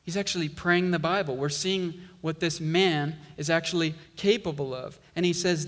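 A male pastor preaching a sermon, slow and emphatic, building intensity on key lines. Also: fairly high pitch, fairly even intonation, fairly bright tone, big-room sound.

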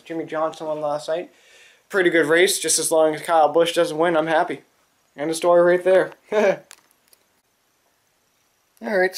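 A man with a New England accent chatting casually in his garage workshop, rambling and swearing, with lots of fillers. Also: a little high. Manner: rambling, profane, with many fillers. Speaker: small engine repair vlogger.

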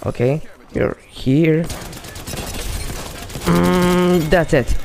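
Excitable gravelly man gaming. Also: a little high, extremely slow, long pauses, slight background noise. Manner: excitable, talks to himself and teammates, frequent exclamations. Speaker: gamer. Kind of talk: excited gameplay commentary.

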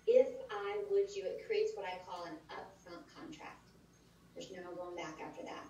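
A woman giving a conversational training talk at a conference, lively and often acting out sample lines. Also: fairly low pitch, normal speed, a little hiss or hum. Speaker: sales trainer. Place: large conference room. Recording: roomy echoey hall, distant dull mic.

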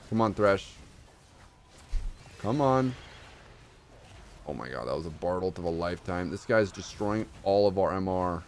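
A young man streaming live gameplay commentary, excitable, swinging from low mutters to shouts.

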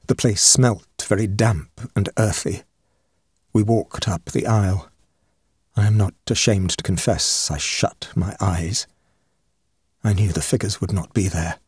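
Man, audiobook narrator, husky voice, dry close sound, measured and dramatic ghost story reading. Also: fairly low pitch, a little mellow, dry recording. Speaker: audiobook reader.

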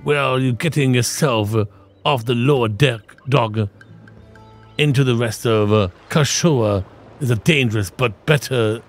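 A man voicing a seasoned, wry male ship captain, reading the game's lines aloud slowly in a raised voice. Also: medium pitch, soft background music, close to an everyday voice. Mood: warning. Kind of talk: reading game dialogue aloud in character.

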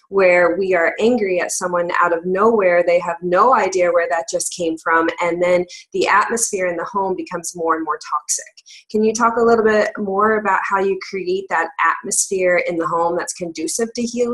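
Woman host and health coach, lower voice, measured and articulate interviewer. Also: fairly bright tone, poor audio.

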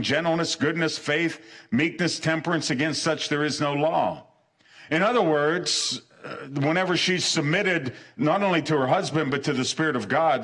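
A man's voice: on the high side, a bit bright, breathy edge. A man preaching a sermon as pastor, earnest, repeating short phrases for emphasis and restarting his sentences. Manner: stumbles and restarts mid-sentence.

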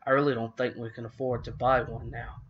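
A man's voice: medium pitch, little pitch movement, fairly quick, breathy edge, lo-fi sound, lightly acted. A man voicing a stern, exasperated father in a storybook reading.

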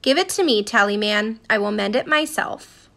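A woman voicing a bold, scheming colonial-era widow with a sharp, emphatic manner. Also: medium pitch, moderate pace, creaky, voice pushed down.

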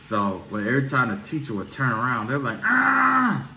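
Speaking fast in a pushed, bright mid-range voice, this spiritual reader gives casual, profane advice on his vlog and keeps tossing in "you know what I'm saying." There's slight background noise, and the room echoes.

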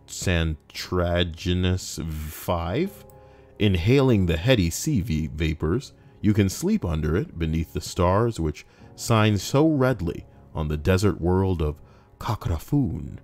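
Deep-voiced sarcastic young man. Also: animated, slow, a little mellow, soft background music. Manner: rambling, sarcastic, swears freely. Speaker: YouTuber reading forum posts. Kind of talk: casual reaction commentary.

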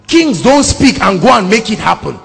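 A man with a Nigerian accent preaching a sermon, emphatic, swinging between hushed words and shouts. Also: sits high, very animated, moderate pace, creaky, husky, faint music behind. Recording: sermon in a reverberant hall.

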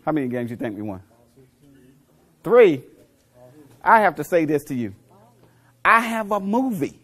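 A middle-aged man giving a motivational speech to a live audience, telling coaching stories and quizzing the crowd, dropping to low murmurs and then rising to loud punchlines. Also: big pitch swings, measured pace. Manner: preachy storyteller, asks the crowd questions, swings from low murmurs to loud punchlines. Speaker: motivational speaker.

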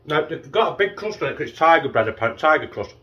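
A man's voice: a little high, expressive, fast talker, highs cut off. A middle-aged man with a northern English accent reviewing a frozen pizza in a casual vlog, chatty and swearing freely, sometimes talking with his mouth full. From northern England. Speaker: food review vlogger.

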